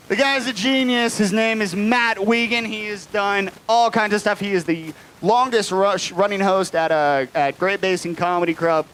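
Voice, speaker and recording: A man's voice: high voice, expressive, moderate pace, a bit bright, a little hiss or hum, poor audio. A man hosting a live stand-up comedy show, telling crude stories on a club stage. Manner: crude, storytelling with quoted voices.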